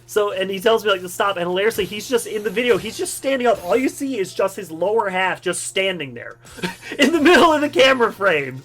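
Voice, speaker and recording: A man's voice: high-pitched, lively intonation, brisk, a bit bright, poor audio. A young man hosting a gaming channel, telling rambling personal stories over his gameplay with frequent laughs. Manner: rambling and chatty, laughs often. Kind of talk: game commentary with personal stories.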